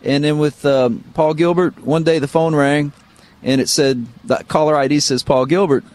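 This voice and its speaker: A middle-aged guitarist from Missouri, United States, guests on a radio show and tells loose, easygoing stories full of fillers and pauses, sounding like a musician being interviewed in a radio studio. His pitch runs slightly raised, and his casual anecdotes ramble along relaxedly.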